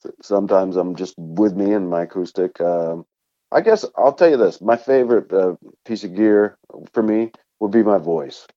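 Brief: easygoing male musician with a Vermont accent, low mellow tone, muffled recording. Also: lively intonation, normal speed. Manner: easygoing storyteller, laughs often. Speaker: musician guest. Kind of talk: casual interview chat.

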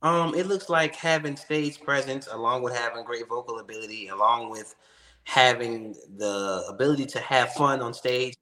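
A man from South Carolina talks easily as a guest in a casual interview, relaxed and friendly. His voice sits at an ordinary pitch but has a bright edge. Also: moderate pace. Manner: easygoing, laid back. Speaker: guest singer.

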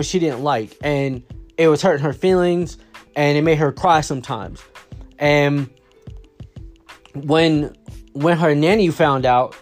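A man's voice: fairly high pitch, darkish tone. Rambling man telling a story. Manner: rambling, many fillers and restarts. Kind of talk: casual storytelling.

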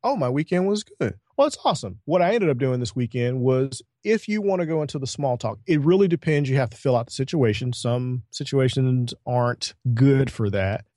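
A man's voice: medium pitch, no room sound, clean studio sound. Chatty man telling stories in an interview. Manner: chatty storyteller, animated quoted dialogue. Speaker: podcast guest, networking coach. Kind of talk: casual interview talk.

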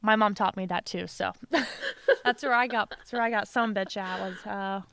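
A woman's voice: mid-range voice, moderate pace, gravelly, a bit bright, dry recording. A young woman co-hosting a casual podcast, joking bluntly and giggling. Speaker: podcast co-host. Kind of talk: casual chat.

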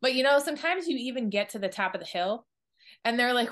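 A woman's voice: fairly high pitch, expressive, fast, fairly bright tone. A woman co-hosting a wellness podcast who reassures and coaches her partner in an upbeat, encouraging way. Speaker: podcast co-host.

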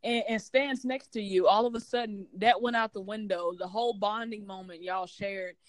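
A woman co-hosting a podcast in casual chat, animated and playful, often acting out what others say. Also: mid-range voice, normal speed, dry recording, low-quality recording. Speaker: podcast co-host.

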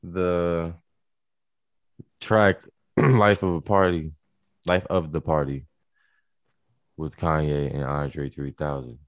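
A young man co-hosting a casual podcast, blunt and quick with his reactions. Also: extremely low pitch, flat delivery, dry recording, studio quality. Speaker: podcast co-host. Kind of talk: casual chat.

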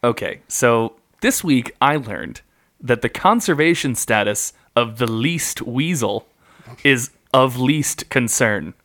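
A man shares facts on a casual podcast in a chatty, rambling way. He laughs often and uses plenty of fillers. His voice sits at an ordinary mid-range pitch. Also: lively intonation, slow pace, fairly bright tone. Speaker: podcast co-host.

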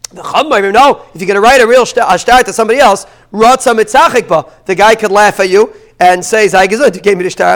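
A man teaching a daily Talmud class, reading the Aramaic text aloud and explaining it in lively English with rhetorical questions. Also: high-pitched.

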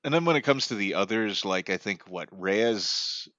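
A man's voice: on the low side, animated, moderate pace, bright, forceful tone, dry recording, muffled recording. A man hosting a casual sports podcast, rambling and thinking aloud with lots of fillers. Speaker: podcast host.

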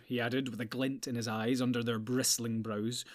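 A man narrating an audiobook in a calm, measured storytelling manner. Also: medium pitch.

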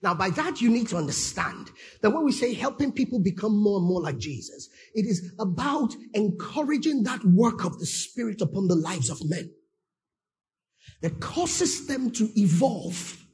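A man's voice: sits high, sing-song, moderate pace, a little mellow. A male pastor preaching a sermon emphatically, often exclaiming praise and checking that listeners follow.

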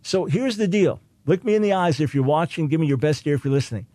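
A man's voice: fairly high pitch, expressive, fast talker, warm tone, no room sound. Emphatic male talk radio host. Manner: emphatic, insistent, repeats points for stress.

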